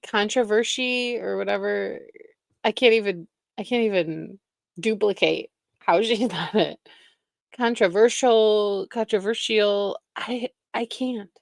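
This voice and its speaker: Gravelly, unhurried woman mocking a clip. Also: on the high side, no room sound. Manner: sarcastic, laughing, insulting. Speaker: reaction streamer host. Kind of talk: mocking reaction commentary.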